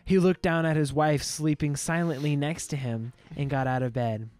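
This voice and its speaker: A man's voice: fairly high pitch, fairly even intonation, moderate pace, a little mellow, no echo. Dry-voiced man reading aloud mockingly. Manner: mock-dramatic, laughing while reading. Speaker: podcast co-host.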